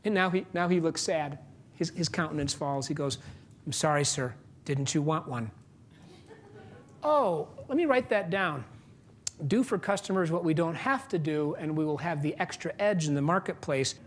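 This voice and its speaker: On stage before a large crowd, a keynote speaker and author delivers a motivational talk, his voice a little high, with slight background noise. He acts out dialogue from both sides as he tells a story, drops suddenly to a hush or jumps to loud, questions the audience, and waits for punchlines to land.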